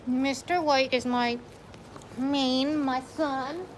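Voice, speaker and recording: A woman's voice: on the high side, slow, background noise. A woman vlogger chatting casually on a livestream at home, slipping into cooing baby talk to her dogs.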